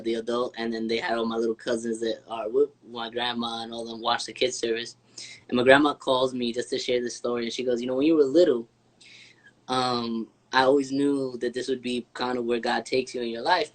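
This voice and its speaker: A man's voice: mid-range voice, a bit bright, poor audio. A man who serves as a church youth minister, telling a personal story on a casual live stream, earnest and full of restarts.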